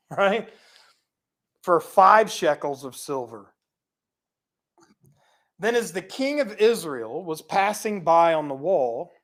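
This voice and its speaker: A woman teaching a casual Bible study, reading scripture aloud and paraphrasing it in lively, chatty asides, often laughing. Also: lowish voice.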